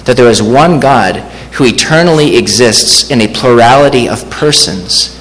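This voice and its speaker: A man preaching a sermon as pastor, measured and slowing down to read scripture aloud. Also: mid-range voice, fairly bright tone. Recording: long hall reverb, faint ambience.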